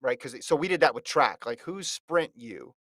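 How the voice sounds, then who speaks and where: A man's voice: mid-range voice, animated, moderate pace, fairly bright tone, no room sound. A man hosting a casual sports chat, running a fantasy draft in a chatty, teasing way and reading out lists of picks.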